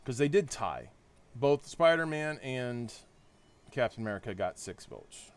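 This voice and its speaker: A man's voice: mid-range voice, expressive, unhurried, smooth. A man casually commenting on a game he plays live, chatting with his viewers and thinking aloud. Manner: chatty, talks to chat, thinks aloud with restarts. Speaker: streamer.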